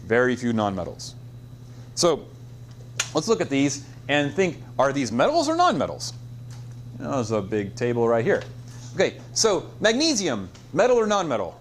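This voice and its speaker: A man's voice: medium pitch, moderate pace, slight background noise. A middle-aged man teaching chemistry to a class, joking and quizzing the students in a classroom. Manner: lively, joking, quizzes the class with call-and-response. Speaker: high school chemistry teacher. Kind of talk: classroom lecture.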